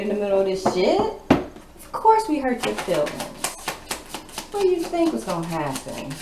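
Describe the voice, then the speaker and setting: This tarot reader has a mellow, mid-range voice and speaks at a normal pace, but she's very animated. Her casual reading comes out blunt and sassy, peppered with lots of swearing, recorded in an echoey room with background noise.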